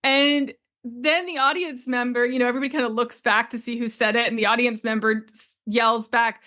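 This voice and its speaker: A business coach in her forties hosts a solo podcast, telling a story in a chatty, conversational way and laughing often. Her voice is fairly high, pushed and bright, at normal speed.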